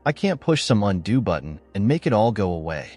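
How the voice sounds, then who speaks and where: This is a remorseful wife begging her husband to hear her out, read aloud by a man with no attempt at a woman's voice. The delivery is low in pitch but moves up and down a lot. Soft music sits faintly behind the voice. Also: big pitch swings, brisk. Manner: pleading, apologetic. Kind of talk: storytelling narration.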